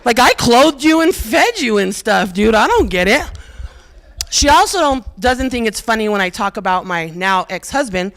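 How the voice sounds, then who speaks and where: A woman's voice: fairly high pitch, very animated, moderate pace, fairly bright tone. A middle-aged woman performing a stand-up comedy set on a theater stage, telling stories with brassy, self-mocking asides and punchy lines. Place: historic theater stage with live audience.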